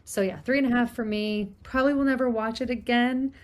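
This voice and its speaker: A woman's voice: a little high, fairly even intonation, brisk. A woman co-hosting a casual film podcast, chatting frankly with a lot of "like"s. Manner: chatty, giving frank opinions with "like" fillers. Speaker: podcast co-host.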